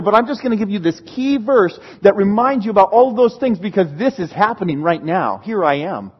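A man preaches in a high, husky voice, animated and quick to laugh as he acts out the lines he quotes. The recording is dull and lo-fi. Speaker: pastor. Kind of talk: sermon.

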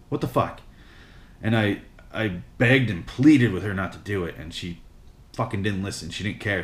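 A man telling a comic story as a rambling monologue, full of hesitations and swearing. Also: lowish voice. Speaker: comedic vlogger. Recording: roomy echo.

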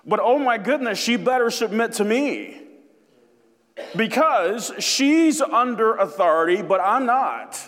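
A man's voice: high-pitched, lively intonation, a little slow, fairly bright tone, long reverb tail. A man mimicking a smug, self-excusing husband who demands submission, in a mocking, indignant tone.

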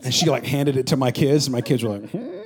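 A man's voice: mid-range voice, fast talker, noisy background. A middle-aged man preaching a sermon in a conversational, joking style, building to emphatic bursts. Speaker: pastor.

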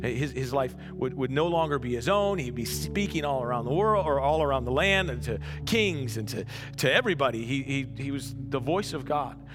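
A man's voice: medium pitch, animated, normal speed, over music. A man preaching a conversational sermon as pastor, often restarting words and checking in with "right?".

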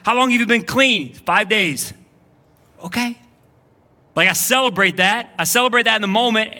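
A male pastor gives a lively, conversational sermon to a church congregation. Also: sits high, normal speed. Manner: energetic, conversational preaching with frequent "like". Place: church sanctuary. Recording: live church service recording.

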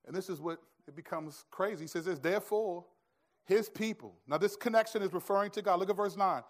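A pastor preaching a sermon in an animated, conversational storytelling way. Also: male voice, high-pitched, fast talker.

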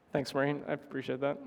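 A man preaching a sermon to his congregation, halting with restarts and clearing his throat often. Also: mid-range voice. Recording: long hall reverb.

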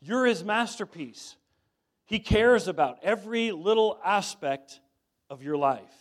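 A man's voice: high-pitched, animated, a little slow. A man preaching a sermon in a conversational way, telling stories and often saying "man". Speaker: pastor.

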